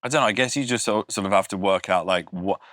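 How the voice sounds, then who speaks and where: An English man with a low, deep voice chats as a podcast guest. He is wry and self-deprecating and laughs often. The sound is dry and close, with no room echo. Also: fast talker, a bit bright. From Britain. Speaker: guest comedian. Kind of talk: casual podcast chat.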